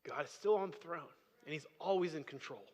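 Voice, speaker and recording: A man's voice: on the high side, animated, brisk, darkish tone. A man preaching a sermon as pastor, speaking conversationally and rising to emphatic bursts. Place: church sanctuary. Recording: long hall reverb.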